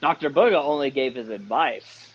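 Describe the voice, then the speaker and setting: A man's voice: medium pitch, lively intonation, moderate pace, muffled recording, a little hiss or hum. A man giving casual color commentary on a wrestling match, with dry asides.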